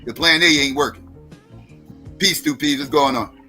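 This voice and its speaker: A man's voice: fairly high pitch, normal speed, bright, forceful tone, husky, faint music behind. A man hosting a live stream in a blunt, profane, challenging way. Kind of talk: casual livestream talk.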